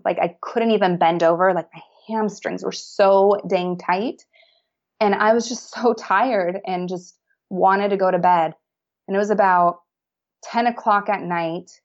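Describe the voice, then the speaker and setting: Chatty woman on dull lo-fi audio. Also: mid-range voice. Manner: chatty, many fillers and restarts. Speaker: podcast guest. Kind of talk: casual storytelling.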